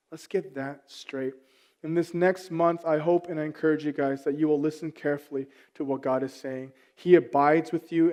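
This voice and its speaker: A man's voice: on the high side, dark tone. A man in his thirties preaching a sermon as a pastor, telling family stories with self-deprecating humor before turning earnest.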